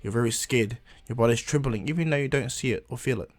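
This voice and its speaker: A man voicing a calm, self-assured young male ninja prodigy who speaks quietly. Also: medium pitch, fast talker, no echo, clean studio sound, close to an everyday voice.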